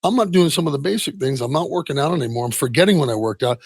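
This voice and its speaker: Middle-aged man, interview guest, husky gravelly voice, dry close sound, halting candid delivery. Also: a little high, expressive, no echo. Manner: halting, many restarts and soft trailing asides. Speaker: interview guest, retired football player. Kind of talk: candid personal storytelling.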